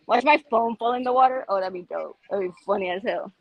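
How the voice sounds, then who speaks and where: A woman's voice: on the high side, animated, quick pace, no room sound, muffled recording. A woman chatting casually on a phone live stream while walking outdoors by a pond, exclaiming and laughing often. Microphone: phone held while walking.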